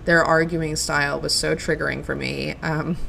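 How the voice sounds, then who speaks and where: A woman's voice: low voice, little pitch movement, moderate pace, vocal fry, a bit bright, slight background noise. A young woman hosting a solo podcast, gushing and chatty with lots of likes and ums. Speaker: podcast host. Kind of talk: casual solo podcast chat.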